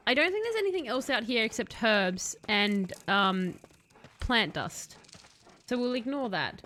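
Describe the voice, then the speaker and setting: A woman's voice: a little high, sing-song, measured pace, bright, forceful tone. A young woman giving chatty, sarcastic let's-play commentary, talking to the game's hero and to her chat. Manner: chatty, sarcastic, talks to the game character and chat. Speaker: streamer.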